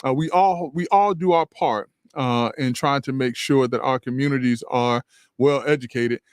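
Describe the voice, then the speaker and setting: A man's voice: mid-range voice, moderate pace, smooth, dry recording. A man co-hosting a radio talk show, earnest, restarting often and stacking points in repeated phrases. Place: radio studio.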